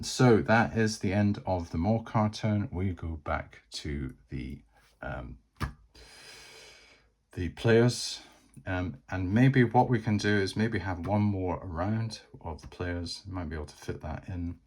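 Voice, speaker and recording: Deep-voiced man narrating a board game. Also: unhurried, darkish tone. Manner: chatty, thinking aloud. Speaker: solo game player and narrator.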